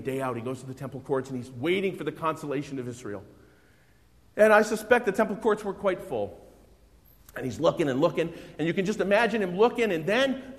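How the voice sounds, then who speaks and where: A middle-aged man preaching a sermon, swinging between hushed, reflective passages and loud, exclamatory bursts. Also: a little high. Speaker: pastor. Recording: long hall reverb.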